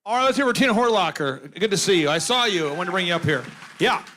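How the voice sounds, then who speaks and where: A man's voice: high-pitched, expressive, quick pace, bright, forceful tone, slight background noise. A man from Minnesota hosting a live event, joking and teasing the crowd between introductions. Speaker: event host. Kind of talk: live emcee banter.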